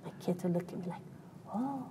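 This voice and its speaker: Earnest woman telling a story, halting. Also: on the low side, darkish tone, slight background noise. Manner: earnest, halting with many fillers and restarts. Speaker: interview guest. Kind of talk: candid interview storytelling.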